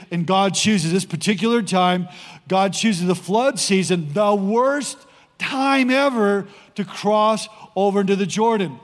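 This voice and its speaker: A male pastor preaching a sermon to his congregation, animated and rallying the crowd in a church sanctuary. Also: high voice. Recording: long hall reverb.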